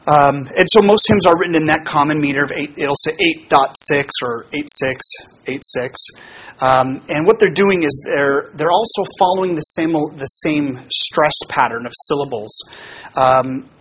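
Husky-voiced pastor teaching casually. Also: male voice, fairly high pitch, moderate pace, fairly bright tone. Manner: casual and explanatory, with many fillers and asides. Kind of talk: teaching talk on hymns to a congregation.

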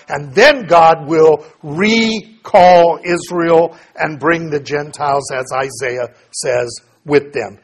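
A man's voice: fairly high pitch, husky. A man giving a conversational Bible lesson, explaining plainly, asking his listeners questions and reading scripture aloud. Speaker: Bible teacher.

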